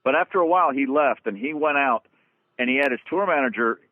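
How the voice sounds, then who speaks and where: A man, a guest drummer, tells road stories in an animated, casual way, swearing freely and restarting his sentences. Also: medium pitch, a little fast, dry recording. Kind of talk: casual storytelling interview. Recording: dry, phone-like lo-fi sound.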